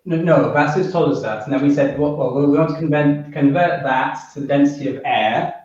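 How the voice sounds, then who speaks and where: A man's voice: fairly high pitch, a little fast, darkish tone. British man lecturing in an echoey hall. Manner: thinks aloud with many restarts, quizzes the audience. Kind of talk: workshop physics lecture. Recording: echoey, dull hall recording from far off.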